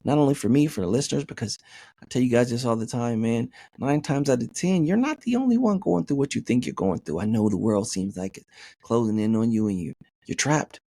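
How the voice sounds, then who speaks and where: A man's voice: medium pitch, fairly quick, warm tone, no room sound. A man hosting a podcast, reading a listener's email aloud and riffing on it in a joking, profane way, saying "man" constantly. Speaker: podcast host.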